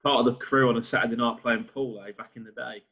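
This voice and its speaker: A man's voice: mid-range voice, flat delivery, fast talker, sharp tone, muffled recording. A man hosting a casual interview, chatting and chiming in with his own recollections. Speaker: podcast host.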